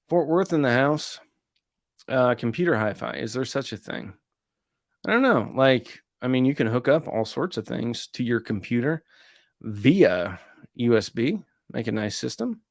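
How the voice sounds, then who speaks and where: Gravelly-voiced man hosting a live stream. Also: medium pitch, no room sound, clean studio sound. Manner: reads out viewer comments and answers them casually. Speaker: host of an audio gear channel. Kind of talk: casual live-stream chat.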